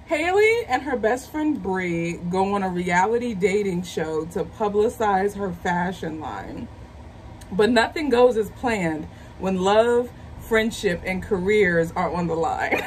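A woman in her thirties hosting a movie review channel, chatting casually in a slangy, excitable way. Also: medium pitch, takes it slowly, slight background noise, rough recording. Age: 30s. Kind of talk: casual chat.

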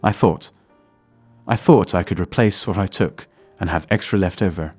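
Guilty, tearful teenage girl with a small pleading voice, read by a man with a low voice over soft music. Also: moderate pace, slightly rough, dry recording.

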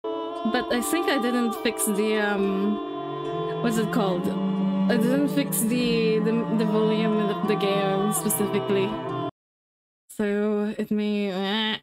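A woman's voice: medium pitch, fairly even intonation, slow, loud music behind the voice. A woman live-streaming to her viewers in casual chat, rambling and giggling, restarting her sentences as she fiddles with settings.

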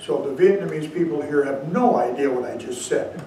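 A man's voice: on the high side, lively intonation, mellow, a little hiss or hum. Echoey, distant Zen teacher man. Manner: storytelling, slow emphatic asides. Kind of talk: dharma talk. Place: meditation hall. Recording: very echoey room, far from mic.

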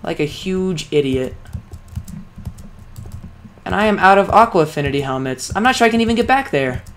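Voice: mid-range voice, expressive, moderate pace, pauses often. A young adult talking through a solo video game session, often exasperated and calling themselves an idiot. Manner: self-critical, exasperated talk to self. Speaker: let's play creator. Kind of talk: solo gameplay commentary.

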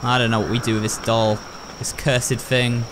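A young gaming YouTuber works through a horror game, voicing his thoughts and talking with his viewers. He has a mid-range voice with little pitch movement and a normal speed. Horror game sounds are clear in the background, along with some noise.

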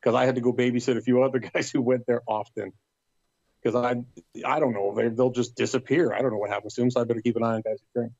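A man spins a casual anecdote as a podcast guest, acting out what others said. His voice is gravelly and warm. The recording sounds dull and dry, with a lo-fi edge. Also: medium pitch, quick pace, no echo. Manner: lively storyteller, acts out quotes. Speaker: podcast guest telling a story.

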